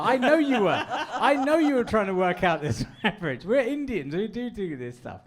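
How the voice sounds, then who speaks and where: A man's voice: high voice, big pitch swings, moderate pace, hardly any pauses. A man, a comedian on a live panel, teasing the others and laughing through his jokes at a comedy venue.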